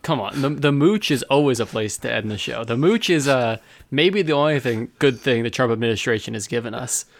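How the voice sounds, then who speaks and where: A man co-hosting a podcast, bantering in a casual, teasing and animated way. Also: mid-range voice, dry recording. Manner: animated, teasing, quick to joke. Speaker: podcast co-host.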